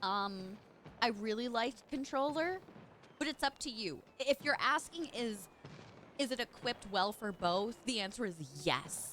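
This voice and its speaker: A young woman streaming a game, chatty and playful, with a congested voice. Her pitch runs a little high and very lively. Faint noise sits underneath. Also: a little slow. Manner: chatty, playful asides to chat. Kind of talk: casual live game stream commentary.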